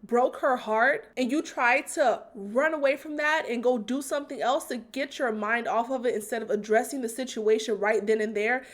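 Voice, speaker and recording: A woman's voice: fairly high pitch, normal speed, hardly any pauses. A woman hosting a commentary channel, talking through a controversy in an earnest, analytical and emphatic way. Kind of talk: scripted commentary.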